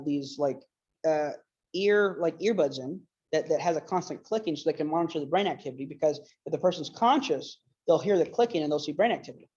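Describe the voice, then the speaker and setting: A man talks through a casual lecture in an earnest, rambling way, leaning on fillers and restarts. His voice sits low and mellow in tone. The recording is dull and lo-fi. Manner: emotional retelling. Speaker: apologetics speaker.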